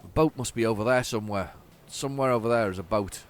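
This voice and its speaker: A man's voice: lowish voice, quick pace. A man hosting a let's play, chatting casually and rambling while he plays, recorded close on a desk microphone at home. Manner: rambling, chatty, self-deprecating. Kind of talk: casual gameplay commentary.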